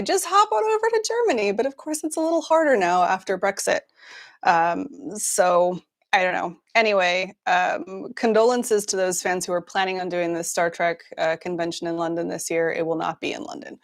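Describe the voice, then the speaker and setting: A woman hosting a news livestream, chatting casually with many fillers and restarts, laughing often. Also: lowish voice. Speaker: news show host.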